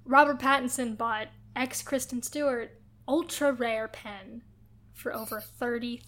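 Laughing, animated young-sounding woman. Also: on the high side. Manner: animated, laughs often, drawn-out emphasis. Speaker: podcast co-host. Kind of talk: casual chat.

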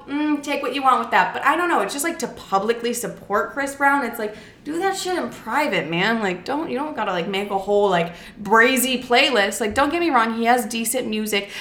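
Bright-voiced, blunt young woman vlogger. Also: a little high. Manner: blunt, swearing, playful storytelling. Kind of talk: casual chat to camera. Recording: roomy echo.

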